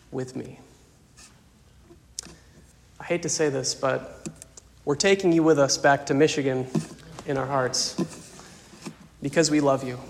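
A male pastor gives a farewell sermon in a fairly high voice. He speaks softly and emotionally, pausing often. The long reverb of a church sanctuary hangs on his words. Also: creaky, a little hiss or hum. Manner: emotional, soft-spoken, slow pauses.

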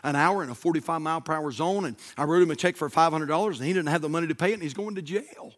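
A man's voice: a little high, racing, pitched below the performer's own voice, lightly acted. A man voicing a stern, curt state trooper in a sermon story. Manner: curt, commanding.

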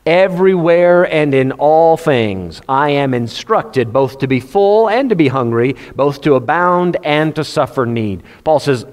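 A preacher, his voice sitting a little high, talks through scripture with an easy, conversational delivery. He slips into King James wording whenever he quotes a verse. His voice rings out with the long reverb of a large hall. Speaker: pastor. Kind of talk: sermon.

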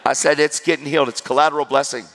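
A man's voice: mid-range voice, animated, moderate pace, a bit bright. A man preaching a sermon, telling stories animatedly and acting out the dialogue. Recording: hall reverb with crowd.

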